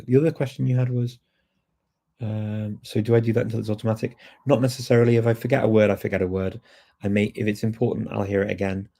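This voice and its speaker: A man hosting a casual live question-and-answer session on language learning, relaxed and chatty with frequent ums and restarts. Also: on the low side, vocal fry.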